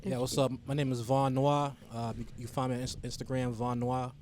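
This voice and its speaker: A man's voice: medium pitch, little pitch movement, a little fast, darkish tone. A man who is a guest on a casual podcast, talking about organizing music events, rambling with restarts.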